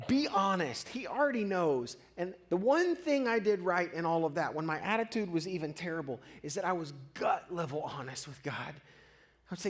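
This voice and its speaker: A pastor preaching a sermon, telling a personal story with earnest honesty and swelling louder as his feelings rise. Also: high voice, very animated, moderate pace.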